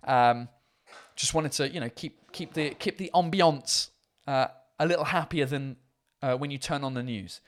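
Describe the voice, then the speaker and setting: A man's voice: medium pitch, moderate pace. A man hosting a casual live-stream chat show from home, talking in a rambling, loose way and swearing freely. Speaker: host of a live beer-drinking chat show.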